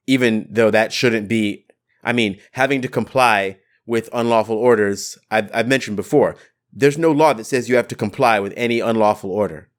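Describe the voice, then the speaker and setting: A man hosting his own podcast, giving an impassioned political monologue in a blunt, fervent way, swearing now and then for emphasis. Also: mid-range voice. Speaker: podcast host.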